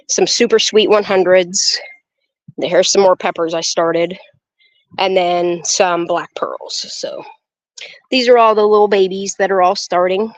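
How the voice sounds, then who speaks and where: A woman's voice: medium pitch, no room sound. Chatty woman touring her garden outdoors. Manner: chatty and excitable, swears freely, talks straight to viewers. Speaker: vlogger giving a garden tour. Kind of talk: casual walk-and-talk vlog. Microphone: handheld phone camera. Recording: slightly dull phone audio.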